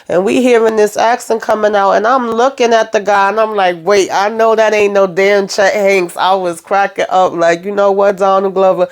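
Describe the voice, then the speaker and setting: A woman's voice: low-pitched, darkish tone. A woman giving a casual recap of a TV episode. She acts out the characters' lines and keeps tagging "okay?" and "all right?" onto her sentences. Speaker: TV episode reviewer.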